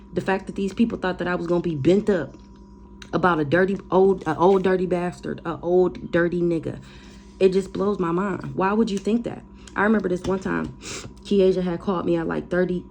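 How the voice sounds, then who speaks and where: Blunt, defiant woman with a low voice. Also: vocal fry, a little mellow, slight background noise. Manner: repeats phrases for emphasis. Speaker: tarot reader. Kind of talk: casual ranting monologue.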